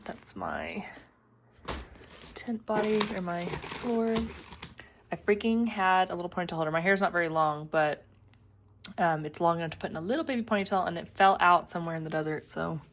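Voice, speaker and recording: A woman hiker chatting casually to her phone camera, gushing and often dropping into a hushed half-whisper. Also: fairly low pitch, background noise. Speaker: long-distance hiker vlogging. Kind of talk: casual vlog chat.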